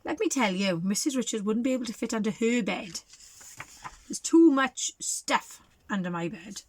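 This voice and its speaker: A woman reading a picture book aloud to young children, animated and sing-song, asking them questions. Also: fairly high pitch, moderate pace. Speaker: children's storyteller.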